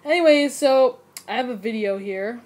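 A woman's voice: a little high, normal speed, darkish tone, rough recording. A woman hosting a casual toy show vlog, rambling and chatty, recorded on a tablet camera. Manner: rambling, chatty, many fillers. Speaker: video host.

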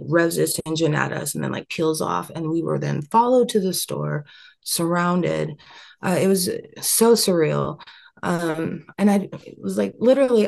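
Gravelly woman telling an earnest story. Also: fairly low pitch, a little mellow. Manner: rambling, earnest, many fillers and restarts. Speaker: interview guest. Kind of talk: candid storytelling interview.

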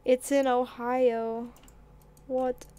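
Woman, streamer, high pitch, casual chatty gaming talk, reads chat aloud. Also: level tone, drawn-out words, mellow, clean tone.

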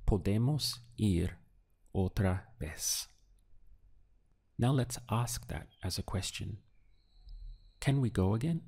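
A man in a recorded lesson, patient and deliberate, pausing for the learner to answer. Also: on the low side, animated, gravelly, warm tone, slightly rough. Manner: slow, patient drills with pauses for the learner. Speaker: language teacher.

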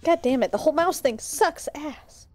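A woman's voice: high voice, moderate pace, a little mellow. A young woman streaming a horror game, scared and swearing as she talks to her chat. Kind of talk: live gameplay commentary.

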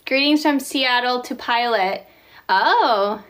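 A high-pitched woman hosts a relaxed phone livestream. She takes her time, reads viewer comments aloud, and laughs easily. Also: slow. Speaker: livestream host. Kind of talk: casual livestream chat, reading comments.

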